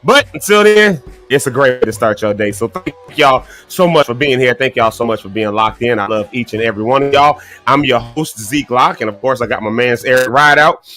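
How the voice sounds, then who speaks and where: Bright-voiced man hosting a live morning show. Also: mid-range voice, a little fast, faint music behind. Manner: chatty, folksy, laughing. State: choking, throat clearing. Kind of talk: casual live show chat.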